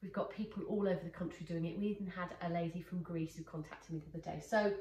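A woman's voice: on the low side, steady tone, fast talker, a little mellow. A woman, a dog trainer demonstrating exercises in a casual, encouraging way. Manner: praising, encouraging. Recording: echoey room, far from mic, faint noise.

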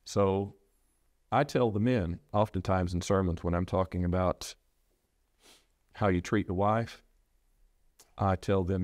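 Low-voiced earnest preacher man. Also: fairly even intonation, darkish tone, no echo, studio quality. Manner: earnest, halting with repeated restarts. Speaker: preacher sharing his loss. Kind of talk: reflective interview talk.

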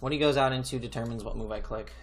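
A man's voice: mid-range voice, quick pace, a little hiss or hum. A man giving live gameplay commentary, thinking aloud in an exasperated way and swearing constantly as he mutters to himself. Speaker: gaming YouTuber.

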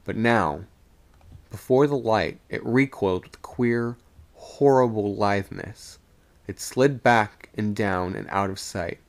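Male storyteller for a spooky livestream reading, low gravelly tone, measured pacing. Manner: slow, deliberate, suspenseful reading. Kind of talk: reading a ghost story aloud.

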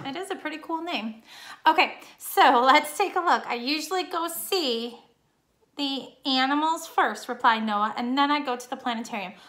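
A woman's voice: high-pitched, pushed and bright. A woman teacher giving a recorded online grammar lesson, explaining patiently step by step.

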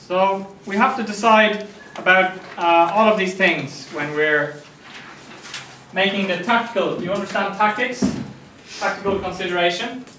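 A man's voice: sits high, unhurried, long pauses, noisy background. A man with an Irish accent lecturing a class in a jokey way, often checking that students understand. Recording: echoey room, mic from far off.

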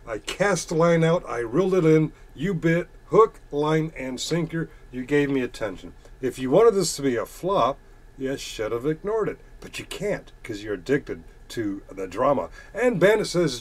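A man's voice: fairly high pitch, very animated, moderate pace. A man reading chat comments aloud and answering them in a sarcastic, combative, profane rant. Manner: reads chat messages aloud and retorts. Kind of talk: casual ranting monologue.

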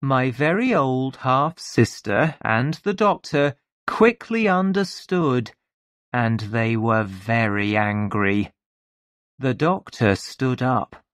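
Very slow lively storybook narrator. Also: mid-range voice, no echo, clean studio sound. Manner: very slow, clear, lively intonation. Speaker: audiobook narrator. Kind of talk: slow scripted narration for learners.

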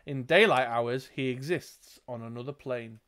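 A man's voice: medium pitch, normal speed, fairly bright tone, smooth. A man narrating a gamebook as game master, with dry joking asides. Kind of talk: reading and narrating a gamebook playthrough.

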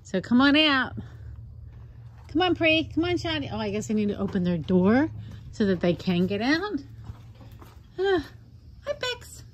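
A woman who runs a fox rescue, chatting casually to her foxes outdoors in cooing baby talk, with soft asides in between. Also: on the high side, sing-song, moderate pace, pauses often, a little hiss or hum. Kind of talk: casual vlog talking to pet foxes.

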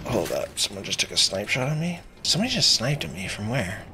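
A man streaming a video game live, talking excitedly and mockingly at himself with his mouth stuffed with marshmallows. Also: fairly low pitch, fairly quick, background noise. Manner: muffled speech with marshmallows in mouth. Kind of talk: live gameplay commentary.

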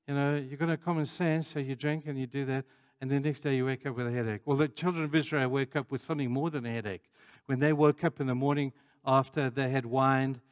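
A man preaching a sermon in an emphatic, conversational way, building to loud passages. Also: medium pitch, big-room sound.

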